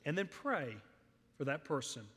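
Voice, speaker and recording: A man's voice: fairly high pitch, big pitch swings, a little slow, a bit bright, breathy edge. A middle-aged man, preaching a sermon in a church, earnest and storytelling, his voice swelling on emphatic lists. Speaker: pastor. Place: church sanctuary. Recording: long hall reverb.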